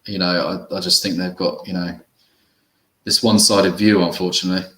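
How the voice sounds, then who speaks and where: Male co-host, low bright voice, halting delivery, echoey room. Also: steady tone. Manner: hesitant, many fillers, reads quotes aloud. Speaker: co-host of a theme park fan channel. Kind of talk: casual live-stream chat. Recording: roomy echo.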